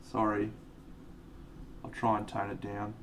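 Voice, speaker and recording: A man's voice: medium pitch, fairly even intonation, moderate pace, far from the mic, slight background noise. A man with an Australian accent, chatting casually and rambling as he paints miniatures on a live stream and answers viewers.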